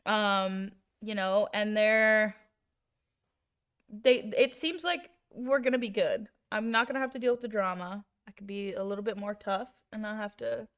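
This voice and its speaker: A woman's voice: medium pitch, fairly even intonation, normal speed. A woman who coaches volleyball, chatting in an easygoing way with frequent fillers. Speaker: volleyball coach, podcast co-host. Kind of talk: casual chat.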